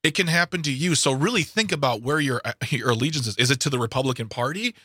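A man co-hosting a radio talk show, animated and sarcastic, often stumbling and restarting his sentences. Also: medium pitch, quick pace, slightly rough, no room sound, studio quality. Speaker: radio co-host.

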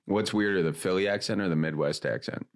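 A man's voice: low voice, quick pace. A man co-hosting a casual chat, curious and teasing, firing off questions. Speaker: podcast co-host.

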